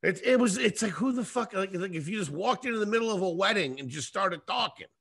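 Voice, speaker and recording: A man, a comedian guest, telling a rambling, profane story in a casual, animated way. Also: sits high, fast, creaky, slightly rough, dry recording, studio quality. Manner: profane, animated, acts out scenes.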